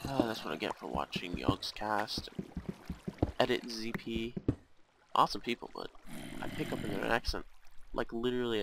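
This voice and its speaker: A man's voice: lowish voice, vocal fry, heavy background noise. A man giving casual gameplay commentary at his home computer, thinking aloud and talking to himself as he plays. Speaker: let's play gamer.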